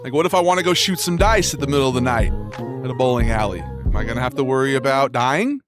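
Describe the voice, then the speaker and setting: A laid-back young man streams and chats with his viewers in an easy, slangy way, tossing "bro" and "dog" around. Loud music from the game runs under his voice the whole time. His pitch sits in an ordinary middle range. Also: fast talker. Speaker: live streamer. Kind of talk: casual chat with live viewers. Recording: music playing loudly underneath. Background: game music playing under the voice.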